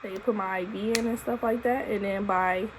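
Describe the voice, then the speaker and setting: A young woman, a new mother casually telling her birth story to camera in an expressive, profane way. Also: medium pitch, normal speed, background noise. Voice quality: expressive, profane, animated retelling. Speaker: vlogger, new mom. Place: at home holding her baby.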